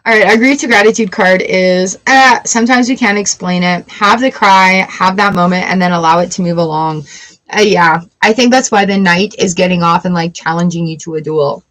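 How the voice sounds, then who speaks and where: A woman's voice: on the low side, moderate pace, fairly bright tone. A woman giving a live-streamed tarot reading in a chatty, emotional way, weepy and laughing often. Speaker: tarot reader.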